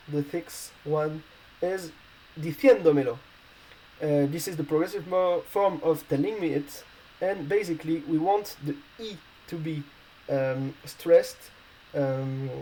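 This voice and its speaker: A man talks through a language lesson in a relaxed, unscripted way. His voice is warm and mellow, and he hesitates constantly, filling gaps with "uh" and "um" as he works out each explanation patiently. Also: a little high, slight background noise, poor audio. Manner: hesitant, many fillers and restarts. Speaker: language teacher. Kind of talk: casual spoken lesson.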